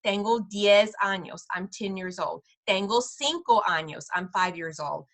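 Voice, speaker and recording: A woman teaching parents simple Spanish phrases in an online class, patient and slowing down over each phrase. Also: mid-range voice, a bit bright. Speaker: preschool director teaching parents.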